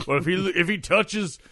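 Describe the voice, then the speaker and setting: A man hosting a casual comedy podcast, telling a story in an animated way, swearing and laughing often. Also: sits high, dry recording, studio quality.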